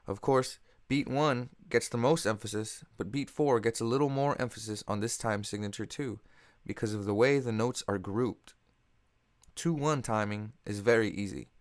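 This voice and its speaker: A man with a fairly low voice narrates a music theory lesson. He keeps a steady, measured delivery and counts beats evenly. The voice-over is dry and close to the mic. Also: dry recording. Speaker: music teacher.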